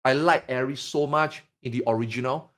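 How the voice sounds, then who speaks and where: A man from Singapore in casual podcast chat, telling stories in an animated, profane, emphatic way. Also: medium pitch, brisk.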